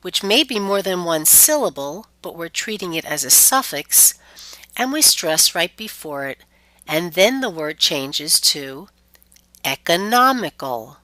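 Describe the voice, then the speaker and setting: A woman teaching pronunciation in a clear, deliberate scripted lesson, stretching out example words. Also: lowish voice, very animated, sharp tone, no room sound.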